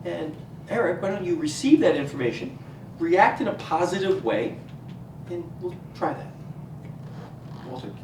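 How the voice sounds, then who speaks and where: A man's voice: high voice, expressive, normal speed, long pauses, background noise. A man playing a coaxing group therapist who praises small progress, in a stage comedy. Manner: soothing then overly enthusiastic. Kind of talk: community theater comedy. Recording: echoey stage from far off.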